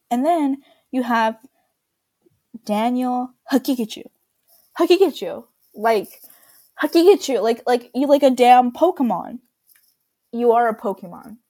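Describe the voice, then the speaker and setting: A woman's voice: a little high, a little mellow, dry recording. A young woman in a snarky, rambling solo rant, mocking and full of fillers, recorded on a close mic. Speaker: solo commentator. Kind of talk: casual ranting monologue.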